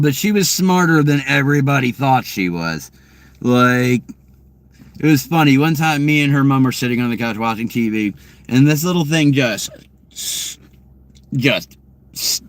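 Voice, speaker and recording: A man's voice: medium pitch, no room sound. A man vlogging from his car, telling a casual story in a rambling, profane way full of fillers and restarts.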